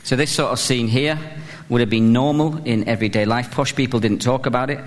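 A man's voice: medium pitch, fairly even intonation, fairly quick, big-room sound. A British man preaching a humorous sermon in a chatty, self-mocking way, full of fillers, building to fervent emphasis. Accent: British English.

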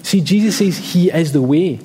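A man's voice: a little high, normal speed, warm tone, long reverb tail, slight background noise. A man preaching a sermon emphatically, repeating key phrases and telling personal stories.

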